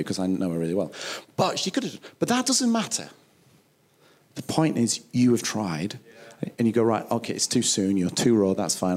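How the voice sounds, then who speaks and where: A man preaching a sermon, emphatic and conversational, acting out little quoted dialogues. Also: mid-range voice. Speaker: pastor.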